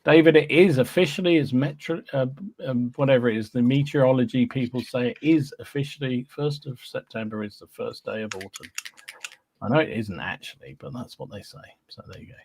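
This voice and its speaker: A man speaks a bit quickly in a medium-pitched, slightly mellow voice, with a little hiss or hum on the recording. Hosting a live podcast, he casually welcomes viewers by name one after another, chatty and relaxed, full of fillers and humming.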